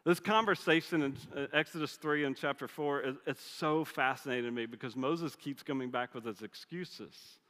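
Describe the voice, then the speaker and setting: A man's voice: mid-range voice, normal speed, few pauses, a bit bright. A man preaching a sermon, retelling a scripture story conversationally with humorous asides. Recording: long hall reverb.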